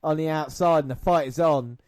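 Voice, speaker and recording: A man's voice: on the high side, brisk, dry recording, clean studio sound. A man co-hosting a podcast, giving casual wrestling commentary in a sarcastic, swearing manner. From half Scottish. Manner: sarcastic, swearing, laughs often. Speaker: podcast co-host.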